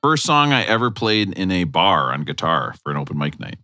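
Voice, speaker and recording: A man's voice: low-pitched, sing-song, fairly quick, sharp tone, faint music behind. Man with a wildly swinging voice. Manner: playful, riffing, jokey. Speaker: podcast co-host. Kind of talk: casual comedic chat.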